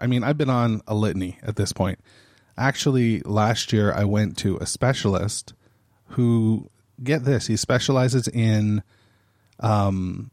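A man with a fairly low voice hosts his podcast in a casual, chatty way. He laughs easily and restarts phrases as he goes. The sound is dry and close, with no room around it. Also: darkish tone, no echo. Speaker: podcast host. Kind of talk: casual off-the-cuff chat.

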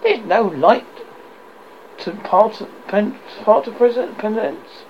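A man voicing the mournful ghost of an old businessman bound in chains, lamenting in a solemn, drawn-out way. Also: high voice, highs cut off, slight background noise, pitched above the performer's own voice.

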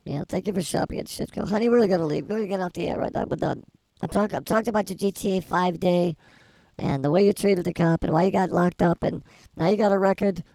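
A woman co-hosting a casual comedy podcast, telling a rambling story in a wry, deadpan way. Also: lowish voice, fast, low-quality recording. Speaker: podcast co-host.

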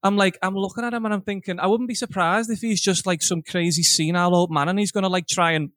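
A man's voice: high-pitched, fairly even intonation, fast talker, fairly bright tone, no echo, clean studio sound. A young man telling a crude, laughing anecdote on a podcast recorded from home. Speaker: podcast co-host. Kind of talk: casual chat, storytelling.

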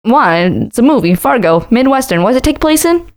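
A woman in playful casual chat at home in a bedroom, teasing and quick to mimic how others talk. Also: a little high, sing-song, darkish tone.

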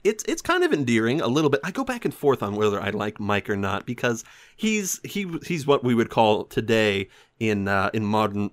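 Rambling, animated man recapping a film. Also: fairly low pitch. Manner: rambling, animated, jumps into silly voices. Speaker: podcast host. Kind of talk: casual movie recap.

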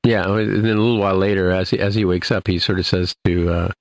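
A male podcast host casually recaps an episode in a low, flat, fast voice. His chat rambles, packed with fillers and restarts. There's no echo on the audio.

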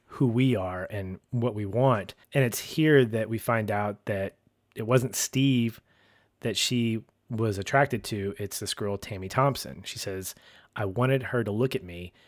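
Lively low-voiced man recapping a show. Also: unhurried, dry recording, clean studio sound. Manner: animated, acts out characters' lines. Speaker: podcast co-host. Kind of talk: casual TV recap chat.

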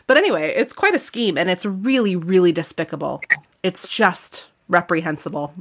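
A woman's voice: medium pitch, animated, moderate pace. Chatty woman recapping a book. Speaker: podcast co-host. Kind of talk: casual book discussion with read-aloud passages.

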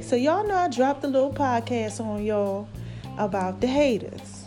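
High-voiced woman podcaster, a bit out of breath. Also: measured pace, mellow, faint music behind. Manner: affectionate, preachy, addresses listeners as babies. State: slightly out of breath, swollen throat. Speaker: podcast host. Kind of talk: casual motivational monologue.

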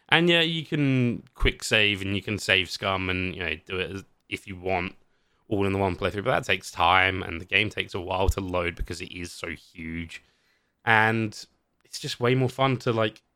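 A man hosting a podcast in casual chat, animated, laughing often and swearing casually as he talks about games. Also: on the low side, moderate pace, no room sound, studio quality. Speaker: podcast host.

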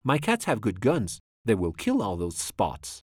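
A man's voice: fairly low pitch, wildly swooping pitch, unhurried, a little mellow, slightly rough, no room sound, clean studio sound, heavily acted. A man voicing a mischievous, boastful big male cat in a storybook, in a smug sing-song rhyme.

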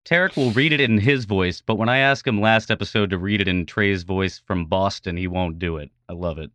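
A man's voice: deep voice, a little fast, fairly bright tone, no room sound. A man co-hosting a podcast who teases his co-host. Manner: teasing. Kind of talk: casual podcast chat.

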